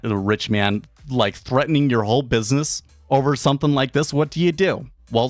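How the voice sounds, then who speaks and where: On a dry recording, a man with a mid-range voice hosts a day trading stream. He chats casually, wanders through an anecdote, and acts out the people in it by raising his voice.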